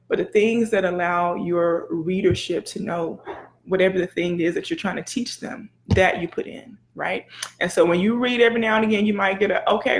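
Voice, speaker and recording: Gravelly-voiced woman preaching motivation. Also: medium pitch. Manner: lively, preachy, folksy and motivational. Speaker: blogger and educator. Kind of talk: casual live video chat.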